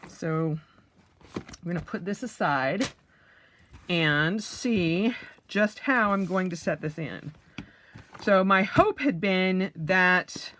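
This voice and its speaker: A woman's voice: lowish voice, fairly bright tone, a little hiss or hum. A woman vlogger chatting casually and enthusiastically through an unboxing, with plenty of fillers.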